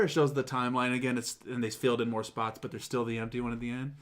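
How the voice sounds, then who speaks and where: Brief: male talk-show host, mid-pitched, casual and animated, swears freely while acting out quotes. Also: fairly quick. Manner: animated, profane retelling with mimicked quotes. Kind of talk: casual chat.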